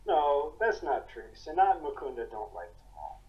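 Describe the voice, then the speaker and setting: A man's voice: fairly high pitch, very animated, normal speed. Man giving brief replies, lo-fi audio. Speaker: listener. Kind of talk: casual conversation. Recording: dull lo-fi audio.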